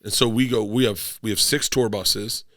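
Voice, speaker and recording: A man's voice: on the low side, steady tone, normal speed, fairly bright tone, dry recording, studio quality. A man who is a touring stand-up comedian and podcast guest, telling rambling tour stories in casual chat, swearing freely and acting out other people's lines.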